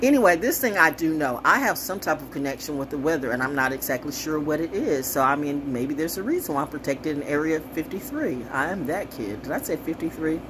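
A woman talking casually to camera in an animated, rambling way, profane and sassy, jumping from story to story. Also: deep voice, a little fast, hardly any pauses, noisy background. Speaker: commentator.

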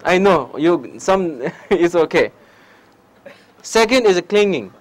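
A young man from Nepal, speaking English with a Nepali accent, giving a public meditation talk with lively stories and "huh?" asides. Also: high voice, slow, rough recording. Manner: non-native English, animated anecdotes, frequent "huh?" asides. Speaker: meditation teacher. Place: lecture hall before an audience.

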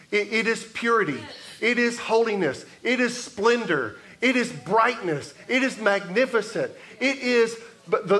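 High-voiced preacher, slow and emphatic. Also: male voice, a bit bright. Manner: measured preaching with emphatic repetition. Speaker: pastor. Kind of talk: sermon. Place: church sanctuary.

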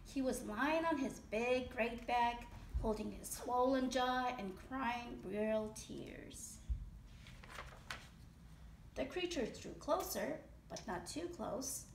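High-voiced mother reading a story aloud. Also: takes it slowly, vocal fry, slight background noise. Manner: expressive, animated storytelling. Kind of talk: children's story read-aloud. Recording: echoey room.

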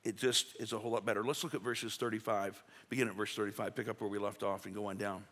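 A fairly low, slightly bright voice comes from a male pastor speaking quickly and flatly. Recorded in a reverberant church sanctuary, he preaches in a folksy, chatty style, acting out bits of quoted speech.

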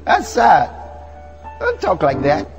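A man with a Nigerian accent preaching a sermon in church, animated and teasing the congregation. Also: high voice, slow pace, vocal fry, in a large hall. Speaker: pastor. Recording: music playing behind the sermon.

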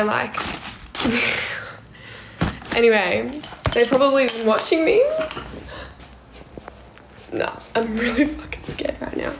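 A scared young woman with a fairly high voice talks into her phone on a live stream, breathless, jittery and near tears. She keeps slipping into hushed whispers and swears a lot. The room echoes, and steady background noise sits under her voice. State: frightened, on the verge of tears. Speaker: livestreamer. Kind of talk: casual livestream chat. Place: her home at night.

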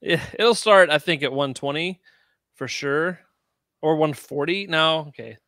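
A man co-hosting a podcast in casual chat, relaxed, laughing often and trailing off mid-sentence. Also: a little high, a little slow, no echo. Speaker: podcast co-host.

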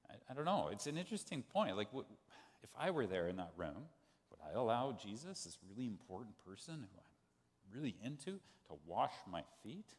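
A man preaching a sermon as pastor, telling a story in an animated way and acting out the quoted voices. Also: mid-range voice, a little fast. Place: church sanctuary. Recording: long church hall reverb.

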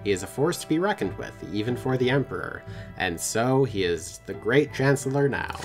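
Brief: male let's-play host, mid-pitched, playful narration of a story game. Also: lively intonation, faint music behind. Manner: playful, quick to laugh. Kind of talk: narrating a text game with casual banter.

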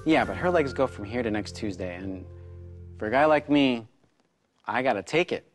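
Male actor as a boastful, rambling milk board boss with an animated voice, for sketch comedy. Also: medium pitch, moderate pace, faint music behind, close to an everyday voice. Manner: rambling, half-hearted, boastful. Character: bumbling male milk board spokesman, self-important.

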